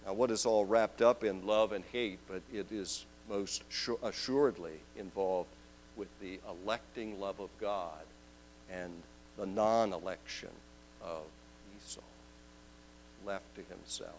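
Male preacher, sermon, slow deliberate delivery, booming then hushed. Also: fairly even intonation, a little hiss or hum, poor audio. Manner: swings from loud proclaiming to hushed, drawn-out questions.

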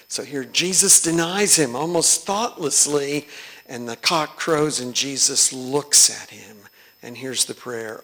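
Man, teacher, guided reading lesson, bright tone, very slow and deliberate, reflective. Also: mid-range voice. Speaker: teacher leading a study of a sacred choral work.

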